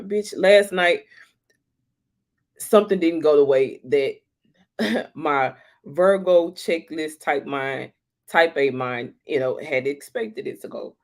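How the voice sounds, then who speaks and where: A woman chatting casually about astrology, animated and profane, laughing often. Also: sits low, takes it slowly. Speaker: astrology talk host.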